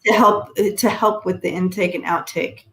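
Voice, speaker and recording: A woman's voice: on the low side, steady tone, normal speed, fairly bright tone, rough recording. A woman co-hosting a live stream, giving loose, hesitant tarot readings with many fillers. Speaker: co-host and tarot card reader.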